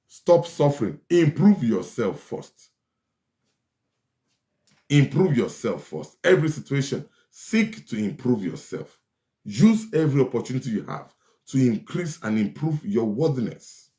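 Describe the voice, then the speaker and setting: A man giving forceful relationship advice, often repeating his lines for stress. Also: medium pitch. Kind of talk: preachy advice talk. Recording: echoey room.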